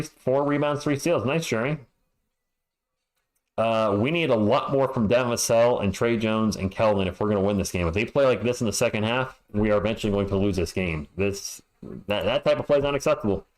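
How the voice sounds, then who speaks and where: A man's voice: mid-range voice, rough recording. A man hosting a fan livestream, reading halftime stats and chat messages with frustrated, sarcastic commentary.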